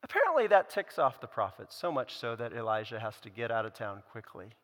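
A man's voice: medium pitch, sing-song, brisk, a bit bright. A man preaching a sermon, retelling a scripture story with sarcastic asides. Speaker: pastor. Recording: long hall reverb.

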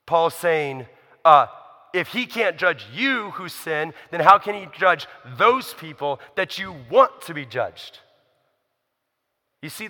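A man's voice: a little high, sharp tone, in a large hall. A man preaching a sermon in a conversational, emphatic way, asking the listeners rhetorical questions. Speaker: pastor.

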